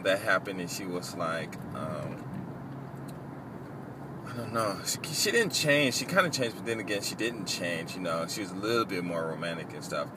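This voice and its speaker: A man casually telling a long story, rambling and halting, with many fillers and restarts. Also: deep voice, background noise.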